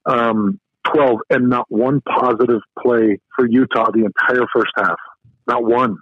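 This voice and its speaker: A man's voice: mid-range voice, fairly even intonation, a little slow, breathy edge, no room sound. Man analyzing on a tinny phone line. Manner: emphatic, detailed breakdown. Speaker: co-host. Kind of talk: sports podcast analysis.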